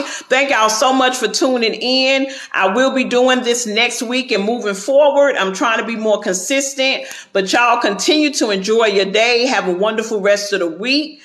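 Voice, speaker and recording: A man's voice: extremely high pitch, moderate pace, few pauses, a bit bright, reverberant. A man hosting a casual livestream, chatty and encouraging, talking straight to his viewers and weaving faith into his talk. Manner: sprinkles talk with faith and praise. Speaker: livestream host. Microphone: phone, going live.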